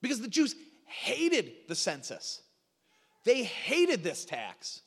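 A middle-aged man preaching a sermon as a pastor, telling stories in an animated way with frequent restarts. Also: sits high, slow pace, husky. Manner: animated storytelling with repeated restarts. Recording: long reverb of a large hall.

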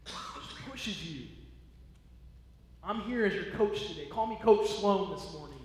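A man's voice: high-pitched, expressive, a little slow. A male pastor preaching a sermon in a church, emphatic and repetitive, encouraging his listeners. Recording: echoey hall.

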